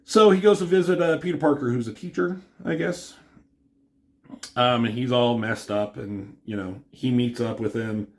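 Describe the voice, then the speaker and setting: A man's voice: medium pitch, normal speed, a little mellow. Rambling casual comic reviewer man. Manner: rambling, filler-heavy, paraphrasing dialogue.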